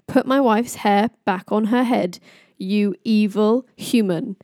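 A woman's voice: mid-range voice, slow, darkish tone, no echo, clean studio sound, lightly acted. A woman voicing a big, hot-tempered male thunder god who speaks bluntly and threateningly. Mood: angry.

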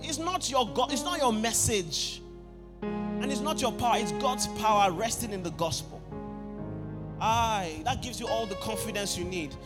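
A young man preaching a sermon, asking the congregation for answers and building up to loud shouted passages. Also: extremely high pitch, lively intonation, moderate pace, music in the background. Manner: call-and-response, rising to shouts.

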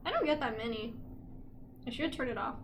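Blunt, casual woman co-host with a high voice, noticeable background noise. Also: expressive, brisk. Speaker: podcast co-host. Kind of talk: casual chat. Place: apartment.

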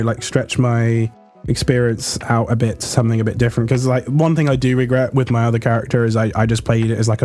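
A young man talks casually as an interview guest, his mellow, mid-pitched voice wandering through fillers and false starts. Faint music plays softly behind him. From United Kingdom. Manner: chatty, rambling, full of fillers and restarts. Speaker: guest player.

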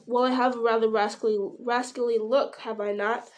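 A woman reading as a weathered, wary ranger who speaks in a measured, grim way, turning sharp when he warns. The voice sits a little high for a man, since the reader keeps close to her own voice. It is a plain audiobook character reading. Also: little pitch movement, natural voice. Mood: wry.

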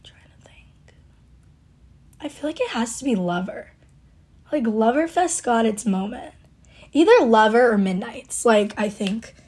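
Gushing, husky young woman. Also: on the high side, a little mellow. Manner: gushing, rambling, lots of likes and ums. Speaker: podcast host. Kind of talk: casual fan chat.

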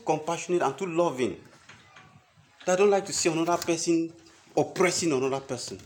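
Male pastor, higher voice, animated storytelling sermon, faint noise behind. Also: brisk, long pauses. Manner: animated storytelling, acting out quoted people.

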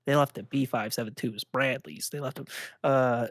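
A man's voice: medium pitch, steady tone, normal speed, a bit bright, no echo, studio quality. A man co-hosting a podcast in casual chat, rambling and filling nearly every phrase with "like". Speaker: podcast co-host.

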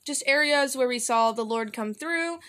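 A young woman co-hosting a casual faith podcast, playful and giggly, with quick asides. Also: sits high, pushed and bright. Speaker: podcast co-host.

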